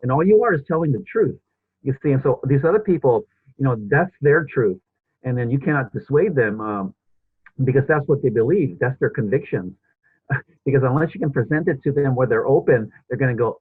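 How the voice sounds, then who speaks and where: A man's voice: mid-range voice, a little fast, no room sound. A male podcast host in casual interview chat, rambling with many restarts and fillers. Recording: husky voice over a tinny phone-like line.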